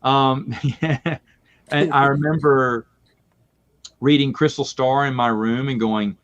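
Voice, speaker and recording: A man's voice: medium pitch, takes it slowly, pauses often. Man telling stories with laughs, muffled audio. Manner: lively storytelling with frequent laughs. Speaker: podcast guest. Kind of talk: casual chat.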